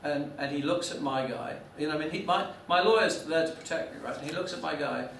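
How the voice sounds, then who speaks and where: A man's voice: a little high, creaky, a bit bright, far from the mic. A man lectures a class in a slightly raised voice, stopping and restarting often as he tells a story. The room is echoey and he sounds set back from the mic, with a faint hum behind him. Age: 40s. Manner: halting, many restarts and fillers.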